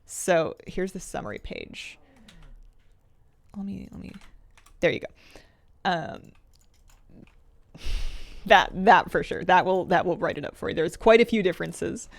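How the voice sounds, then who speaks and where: A woman's voice: lowish voice, lively intonation, measured pace, vocal fry, pauses often, no room sound. A woman streamer chatting casually while playing, thinking aloud and laughing often. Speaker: game streamer. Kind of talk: casual gameplay commentary.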